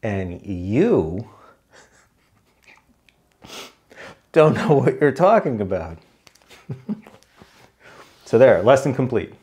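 A man who is a magician, talking to the camera while doing card tricks, sarcastic and slowing down to spell things out. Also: mid-range voice, very animated, a little mellow.

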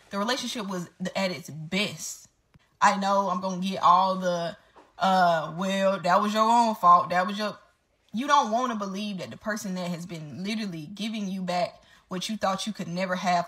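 A woman's voice: lowish voice, bright, forceful tone. A woman telling her story straight to camera in a casual storytime vlog, candid and swearing freely.

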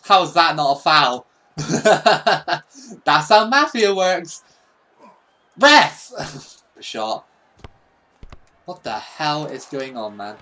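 A man giving casual, excitable, sweary commentary over his own football gameplay. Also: on the high side, extremely slow, pauses often. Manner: excitable, sweary, mock-patriotic. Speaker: gaming YouTuber.

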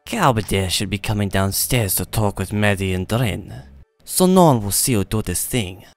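A man's voice: on the low side, lively intonation, moderate pace, gravelly, no room sound. A man voicing a scheming female cat-folk mage apprentice who speaks of herself in the third person, as game audio with faint music behind.

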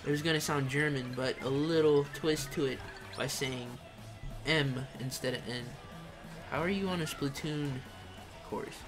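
Excitable young man streaming a racing game. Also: on the high side, unhurried, over music. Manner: excitable, slangy trash talk. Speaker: gaming streamer. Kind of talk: live gameplay commentary while reading chat.

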